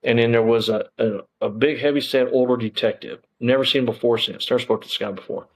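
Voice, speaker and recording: A man's voice: medium pitch, fairly even intonation, quick pace, low-quality recording. A man, a former police officer telling his story as an interview guest in a rambling way, full of restarts and fillers.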